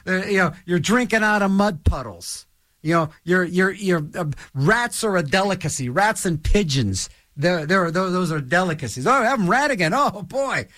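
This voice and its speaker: A man's voice: high voice, a bit bright, no room sound, studio quality. A man hosting his own show in a rambling solo monologue, full of restarts and stammers.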